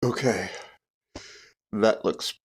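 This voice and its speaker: Male streamer, unhurried and a bit low, casual chat into a desk mic. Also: slightly rough. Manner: unhurried, thinking aloud while adjusting audio settings. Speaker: live streamer. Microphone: desk microphone with noise gate and compressor.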